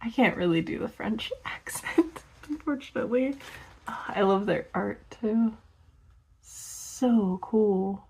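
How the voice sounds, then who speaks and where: A young woman talks very slowly through an unboxing vlog, lingering over each word. She giggles often and slips into soft gasps and whispers when something delights her. Paper crinkles around her as she opens the package. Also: mid-range voice, animated, creaky, breathy edge. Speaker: vlogger.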